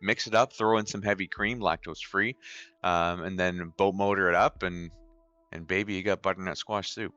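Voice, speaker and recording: Low but bright canadian-raised guy, easygoing, dry jokes while telling a cooking story. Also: steady tone, normal speed, no echo, highs cut off. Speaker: co-host, host's brother. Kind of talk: casual charity livestream chat.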